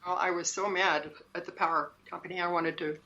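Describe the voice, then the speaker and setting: A woman speaks as an interview guest, earnest and emphatic, circling back to repeat her points. Her voice sits a little low. The recording is dull and lo-fi. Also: fairly even intonation, a little fast, pushed and bright. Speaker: guest, shaman and spiritual teacher. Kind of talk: personal story in an interview. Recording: dull lo-fi sound.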